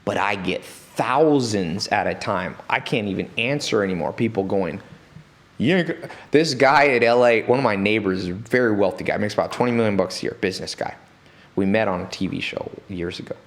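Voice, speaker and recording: A man talking as an interview guest in a studio, telling stories in an animated way and acting out the people he quotes. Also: fairly low pitch, brisk. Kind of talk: storytelling interview talk.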